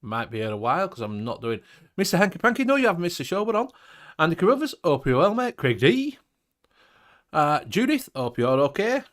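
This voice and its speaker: A man hosts a casual livestream with a lively, bouncing delivery and a slightly high voice. He jokes, swears freely and greets viewers one by one. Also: brisk. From United Kingdom. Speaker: host.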